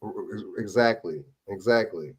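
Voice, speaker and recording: A man hosting a live stream, reacting to police videos with loud, profane, sarcastic commentary. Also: fairly low pitch, a little slow, breathy edge. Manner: loud, sarcastic, laughing, swearing often.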